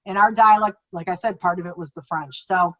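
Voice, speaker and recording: A woman children's author chatting casually on a podcast, telling stories in an animated, excitable way and acting out her own past reactions. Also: lowish voice, brisk. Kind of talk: casual conversational storytelling. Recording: slightly muffled, dull podcast recording.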